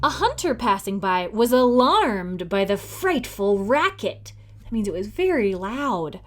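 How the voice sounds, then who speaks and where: A woman librarian reading a fairy tale aloud to young children, expressive and pausing to ask them questions. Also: mid-range voice. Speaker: librarian storytime host. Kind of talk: children's read-aloud storytime.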